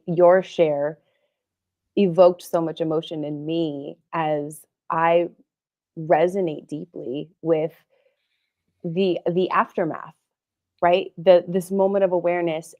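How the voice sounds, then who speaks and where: A woman's voice: lowish voice, darkish tone, highs cut off. A middle-aged woman speaking as a guest psychotherapist in an interview, talking earnestly and emotionally about her own past. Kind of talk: candid interview talk.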